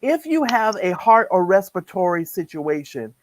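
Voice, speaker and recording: A woman's voice: lowish voice, very animated, moderate pace, a little hiss or hum, poor audio. Emphatic woman co-hosting a live chat. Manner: emphatic, repeats words when stirred up. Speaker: co-host. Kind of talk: casual live-stream commentary.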